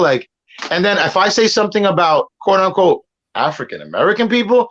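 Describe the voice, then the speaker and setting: A man's voice: sits high, big pitch swings, a little fast, a bit bright. A man from Puerto Rico arguing heatedly on a stream, rambling, swearing and talking over the other side. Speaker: guest debater on a stream. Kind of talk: heated argument. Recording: muffled lo-fi audio.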